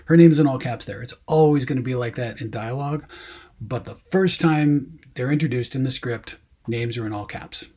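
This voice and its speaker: A man's voice: medium pitch, moderate pace, warm tone. A man teaching screenwriting in a casual classroom lecture, conversational with wry asides and frequent ums.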